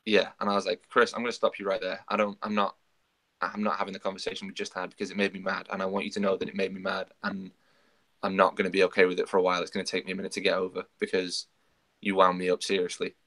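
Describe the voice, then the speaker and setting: Male podcast co-host, low flat voice, rapid anecdotal storytelling. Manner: storytelling, acts out quoted dialogue. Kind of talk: casual chat.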